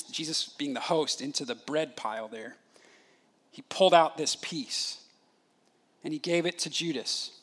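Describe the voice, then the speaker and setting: A man preaching an expository sermon, animated, acting out the disciples' questions as he explains the passage. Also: high voice. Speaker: pastor.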